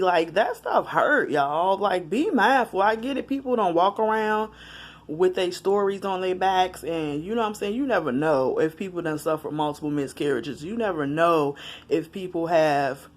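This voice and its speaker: A woman's voice: lowish voice, lively intonation, normal speed. Woman, personal vlog, frank, conversational, emotional, speaks directly to viewers. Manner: emotional, often laughs and fights back tears. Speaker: vlogger. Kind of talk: candid personal vlog confession.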